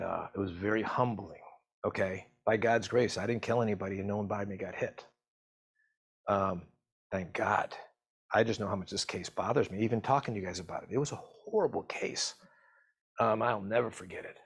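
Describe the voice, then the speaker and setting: A middle-aged man with a low, husky voice tells a story from his work. His telling is halting and emotional, and he speaks as a physician assistant who teaches other clinicians. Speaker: physician assistant and medical educator. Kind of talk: personal story told to camera.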